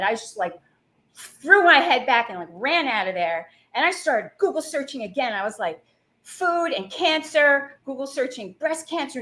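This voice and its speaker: High-voiced woman telling her story. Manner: animated storytelling with lots of "like" and acted quotes. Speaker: guest, plant-based health coach. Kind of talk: personal story in an interview.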